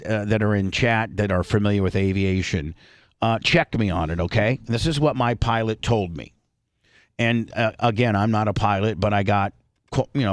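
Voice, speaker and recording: A middle-aged man hosting a talk radio show, telling a rambling, animated story full of crude slang. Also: lowish voice, dry recording, clean studio sound.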